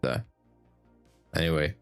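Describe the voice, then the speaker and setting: A man's voice: slow pace, soft background music. A man streaming his live day trading, chatting casually and hesitantly, often restarting his sentences and teasing dryly.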